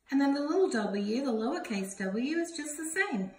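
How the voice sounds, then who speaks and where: A woman teaching young children a phonics lesson in a slow, sing-song teacherly way, sounding out letters. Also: high voice, expressive. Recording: roomy home recording from a distance.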